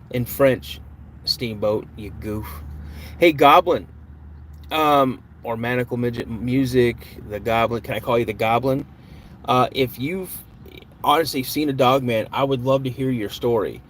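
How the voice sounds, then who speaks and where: A man's voice: medium pitch, unhurried. Easygoing male host, live stream chat, friendly banter, faint background noise. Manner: chatty, greets viewers and jokes around. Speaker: podcast host.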